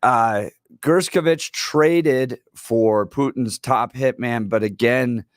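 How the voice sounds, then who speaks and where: A man in his forties co-hosting a radio talk show, telling stories in an animated way and laughing as he goes. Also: mid-range voice, slow pace, dry recording, clean studio sound. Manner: animated storyteller, laughs while telling anecdotes.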